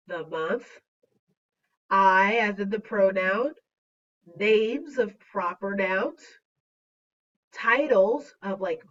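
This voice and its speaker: Slow, dull-sounding teacher woman. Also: on the high side, a bit bright. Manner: slow, deliberate, playful teacher delivery. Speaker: third grade teacher. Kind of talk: recorded slideshow lesson. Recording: dull, distant lo-fi recording.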